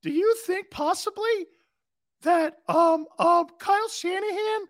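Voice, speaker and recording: A man putting on a high-pitched, squeaky, whining voice for a fretful, stammering sports talker. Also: unhurried, fairly bright tone. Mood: hesitant. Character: whiny squeaky-voiced male West Coast sports talker.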